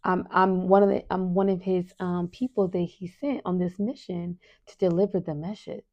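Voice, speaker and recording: A middle-aged woman hosting a parenting podcast in a casual, earnest monologue. She often asks "right?", calls her listeners "you guys", and sometimes drops to a soft whisper for emphasis. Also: on the low side, steady tone, normal speed, lo-fi sound.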